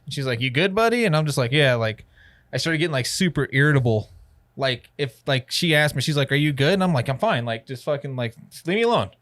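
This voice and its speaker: A man's voice: medium pitch, quick pace. A man co-hosting a podcast, telling a story casually in a studio, swearing often and filling his talk with "like". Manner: profane, filler-heavy, animated retelling. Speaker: podcast co-host.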